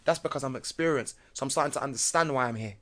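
A middle-aged man, a podcast guest telling stories in an animated, slangy way and laughing often. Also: medium pitch, racing. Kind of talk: casual storytelling chat.

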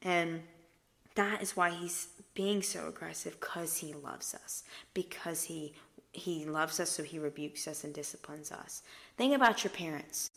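An earnest young woman talks through scripture on her podcast, pressing each point with emphasis. Now and then she sinks to a soft hush to let a point land. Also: deep voice, unhurried, gravelly. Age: young adult. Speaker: podcast host. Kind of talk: faith podcast teaching.

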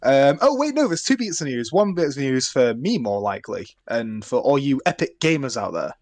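A man's voice: medium pitch, sing-song, moderate pace, dry recording. A young man, hosting a podcast in a casual, nervous, stumbling way, laughing often. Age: young adult. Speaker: podcast host.

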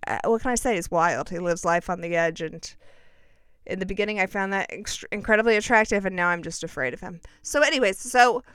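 A woman rambling through a personal story in a chatty, self-mocking way, tossing in dramatic asides. Her voice is smooth and clear, sits at a middle pitch, and is recorded close and dry with no room sound. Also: brisk, a bit bright, no echo. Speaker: vlogger telling a personal story. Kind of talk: casual storytelling chat.

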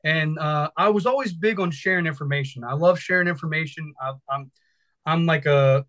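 A man's voice: on the high side, normal speed, a bit bright, poor audio. A man in his thirties from Virginia, a firefighter instructor talking casually and energetically in an interview, rambling and swearing freely.

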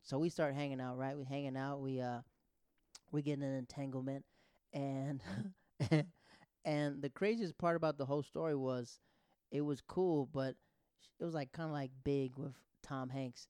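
With a smooth, medium-pitched voice at a moderate pace, a man in his thirties does stand-up in a clean studio recording with no echo. He spins animated, rambling tales and often interrupts himself.

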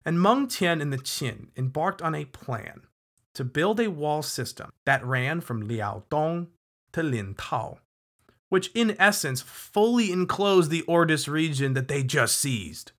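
A man narrating history for a podcast in a relaxed, talky manner. He leans on key words for emphasis and keeps turning to the listener with quick asides. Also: a little high. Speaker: podcast host.

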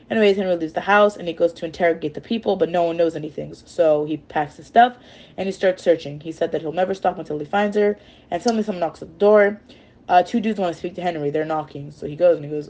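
A woman retells chapters of a novel in a loose, casual way. She rambles and keeps correcting herself. Her voice sits slightly low. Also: steady tone, a little fast, mellow. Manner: rambling, with fillers and self-corrections. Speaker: storyteller.

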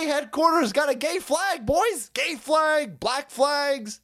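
A livestream host rants sarcastically and profanely, rambling and often laughing between lines. His voice is very high-pitched, pushed and bright, animated yet slow-paced with few pauses.

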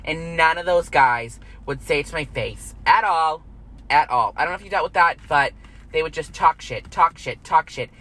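Bright-voiced young woman ranting angrily. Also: low-pitched, moderate pace, rough recording. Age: 20s. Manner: heated, repetitive, swearing freely. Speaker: vlogger. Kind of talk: angry profane rant to camera.

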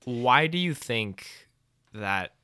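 A man's voice: medium pitch, expressive, slow pace, pushed and bright, dry recording. A young man hosting a podcast in casual banter. He jokes, swears freely and playfully defends himself. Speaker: podcast host.

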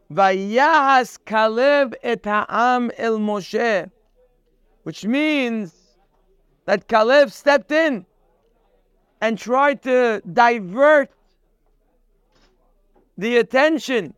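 A man's voice: very high-pitched, extremely slow, pauses often, fairly bright tone, clear, resonant tone, dry recording. A man teaching a Torah class, explaining step by step as he quotes and translates Hebrew verses. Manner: acts out quoted speech with sudden raised emphasis. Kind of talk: lecture-style Torah class.

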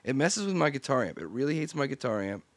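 A man hosting a podcast in casual chat, deadpan and teasing, often restarting his sentences. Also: mid-range voice, fast, dry recording. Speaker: podcast host.

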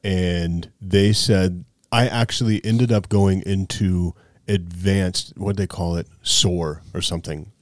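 A man's voice: deep voice, takes it slowly, hardly any pauses, no room sound, clean studio sound. A man from Montana telling stories in casual podcast chat with his co-host. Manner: storytelling, relaxed and conversational.

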